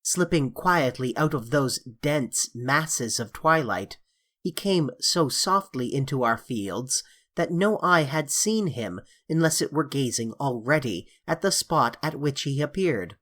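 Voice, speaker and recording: Measured audiobook narrator reading fantasy. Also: mid-range voice, animated, a bit bright. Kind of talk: scripted narration of a classic fantasy novel.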